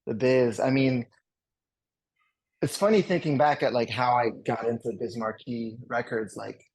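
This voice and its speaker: A man in his forties with a French Canadian accent, a guest chatting casually on a podcast in a rambling, relaxed way. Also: medium pitch, a little slow, husky, dry recording. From Canada, Montreal. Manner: rambling and relaxed, many fillers and restarts.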